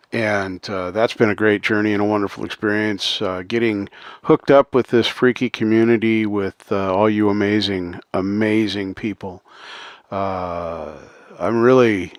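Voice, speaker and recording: With a fairly low voice, a man runs an easygoing livestream, chatting earnestly, reading out viewer names, and chuckling often between ums and uhs. The sound is clean studio audio without echo.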